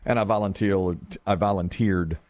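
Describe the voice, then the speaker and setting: A man's voice: sits low, fairly even intonation, normal speed, darkish tone, dry recording. A middle-aged man hosting a morning radio show, chatting casually and joking with frequent laughs.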